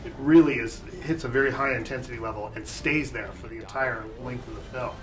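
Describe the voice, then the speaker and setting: A man with an average-pitched voice talks through critics' views on a film. His tone stays conversational and leans into emphasis, with faint music underneath. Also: brisk. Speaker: film review show co-host. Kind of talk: casual review discussion.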